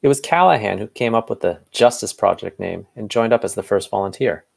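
Man, gravelly low voice, casual fanfiction read-aloud, stumbles and corrects himself now and then. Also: brisk. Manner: reads narration and dialogue with small slips and self-corrections. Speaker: fanfiction co-reader.

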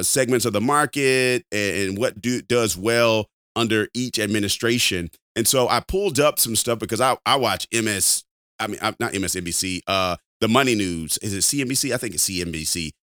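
A man's voice: on the low side, a bit bright, clear, resonant tone, dry recording, studio quality. A man co-hosting a podcast in casual chat, rambling with repeated words and frequent laughs. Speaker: podcast co-host.

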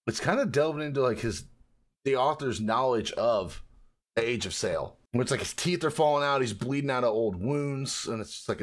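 A man in casual podcast chat, retelling a comic story with lots of swearing and quick bits of character voices. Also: mid-range voice. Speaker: podcast co-host.

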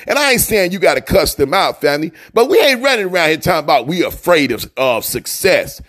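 Male motivational radio host, high and very lively delivery, fiery preacher rhythm, slangy, keeps calling listeners family. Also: fairly quick, few pauses. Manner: repeats key lines for emphasis.

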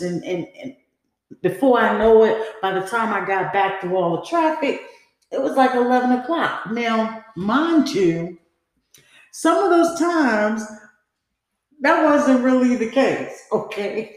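A woman's voice: on the high side, lively intonation, slow pace. A woman hosting a podcast, telling a personal story in a casual, confiding way, often saying "you know" and "like" and acting out quoted lines. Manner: frequent fillers like "you know" and "like". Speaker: podcast host. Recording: very echoey room.

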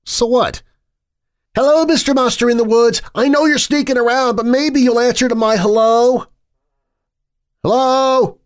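A man voicing a scared teenage boy in a horror story reading, raising his voice into a higher, strained boyish tone. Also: fairly even intonation, unhurried, long pauses. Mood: mocking.

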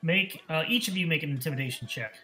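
A man narrating as game master on an online voice call, laughing often and filling pauses with "uh" and "um". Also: a little high, bright, forceful tone, faint music behind. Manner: laughs often, fills gaps with "uh" and "um". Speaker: dungeon master.

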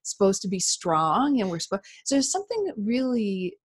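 A woman speaking in an earnest, reflective way in a casual conversation, with soft laughs. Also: mid-range voice, sing-song, moderate pace, husky.

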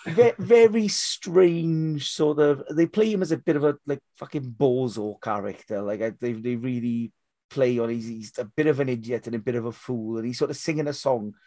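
A man co-hosting a casual film podcast over a remote call, animated and swearing casually. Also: mid-range voice, normal speed, dry recording, clean studio sound. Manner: animated, swears casually, laughs while talking. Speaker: podcast co-host.

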